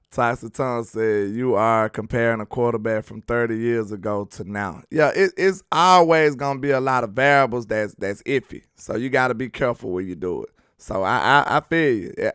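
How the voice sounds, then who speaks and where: A man's voice: mid-range voice, moderate pace, fairly bright tone, clean tone, no room sound, clean studio sound. A man hosting a casual sports livestream, reading chat comments aloud with laid-back slangy banter and frequent laughs. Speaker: sports talk livestream host.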